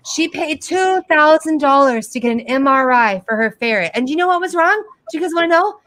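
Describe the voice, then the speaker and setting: A middle-aged woman doing a sarcastic stand-up comedy set over a video call, with animated storytelling and mocking impressions. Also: sits high, a little fast, no echo.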